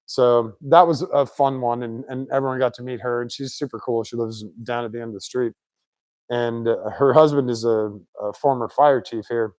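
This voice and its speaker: Man, mid pitch, casual garage storyteller, animated, close dry sound. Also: normal speed, dry recording. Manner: chatty, animated anecdotes with put-on quotes. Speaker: shop owner, car builder. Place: home garage shop.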